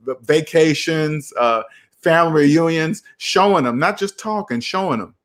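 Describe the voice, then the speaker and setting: A young man talks casually with his viewers, animated and repetitive in a preachy way. His voice sits somewhat high for a man. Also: moderate pace. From United States. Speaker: finance channel host. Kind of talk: casual live chat.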